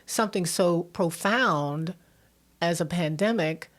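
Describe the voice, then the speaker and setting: A middle-aged woman therapist co-hosting a casual podcast chat, animated, acting out quoted voices and often repeating words. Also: on the low side, takes it slowly.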